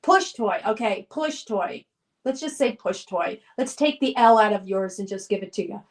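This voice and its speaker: A woman's voice: medium pitch, animated, normal speed. A woman hosting a live stream, chatting casually and reading viewer comments aloud in an upbeat, reminiscing way with frequent laughs.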